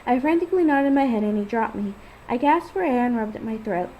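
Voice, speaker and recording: A woman's voice: fairly high pitch, animated, fast talker, muffled recording, a little hiss or hum. A woman casually reading her own first-person story aloud. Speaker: fan fiction author and reader.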